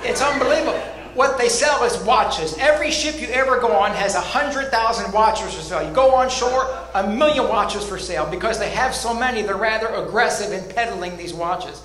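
A middle-aged man telling cruise stories in a stand-up set, pausing before his punchlines. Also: high voice. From Louisville, Kentucky. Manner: deadpan storytelling with punchline pauses. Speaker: stand-up comedian. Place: comedy club stage. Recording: echoey room with faint ambience.

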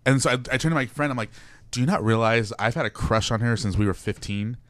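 A young man, a guest, chatting casually and telling stories in an animated way. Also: mid-range voice, fast, dry recording. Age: young adult. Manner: animated storyteller, laughs often. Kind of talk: casual chat.

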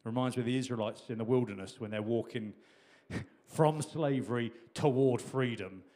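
A man's voice: mid-range voice, normal speed, mellow. A middle-aged man preaching a sermon in a conversational way, with repetitions and restarts. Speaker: pastor.

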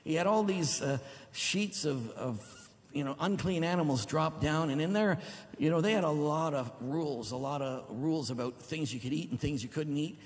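A man's voice: fairly high pitch, expressive, normal speed. A middle-aged man preaching a sermon as pastor, exuberant and at times whooping. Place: large church hall. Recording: long reverb of a church hall.

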